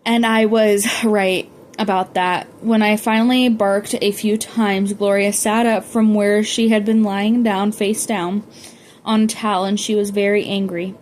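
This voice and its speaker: A woman's voice: medium pitch, flat delivery, measured pace, darkish tone, a little hiss or hum. A woman reading a novel aloud, often stumbling and correcting herself as she goes. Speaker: audiobook reader.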